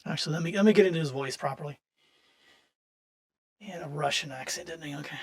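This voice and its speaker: A man's voice: a little high, fairly even intonation, fast talker, long pauses. A man running a tabletop game as game master, narrating casually and correcting himself as he thinks aloud.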